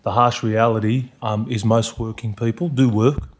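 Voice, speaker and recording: Measured councilman in debate. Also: mid-range voice, fairly even intonation. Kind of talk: council meeting speech. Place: council chamber.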